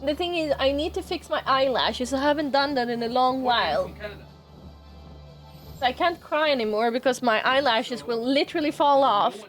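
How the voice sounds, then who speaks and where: A woman's voice: high-pitched, normal speed, a bit bright, soft background music. A woman streaming a game live, chatting casually, emotional and laughing, close to tears, with frequent swearing.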